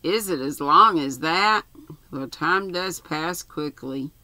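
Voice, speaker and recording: A woman's voice: low voice, slow, sharp tone, no room sound, full character voice. An older woman reading aloud and voicing a cantankerous, imperious old aunt who scolds her visitors. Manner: haughty and scolding. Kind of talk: storybook reading.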